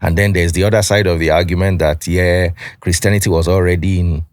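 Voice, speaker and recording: Man, podcast host, measured, very low voice, dry studio. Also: fairly even intonation, no room sound. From Nigeria. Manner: measured, builds long questions. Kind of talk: podcast interview.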